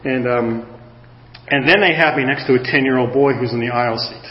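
A man in his sixties preaching a sermon, telling a personal story in an animated, self-mocking way. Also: mid-range voice, brisk. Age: 60s. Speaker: pastor. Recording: roomy hall, dull lo-fi sound.

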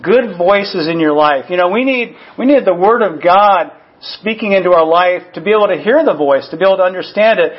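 A man's voice: high voice, fairly quick, hardly any pauses, husky. A man, a pastor, preaching a conversational sermon with personal asides and frequent "you know" fillers. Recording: dull lo-fi recording.

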